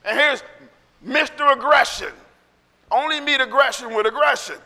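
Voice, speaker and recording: A man's voice: very high-pitched, moderate pace, bright, forceful tone, big-room sound. A middle-aged male pastor preaching a sermon in a conversational way, acting out quotes and laughing between points.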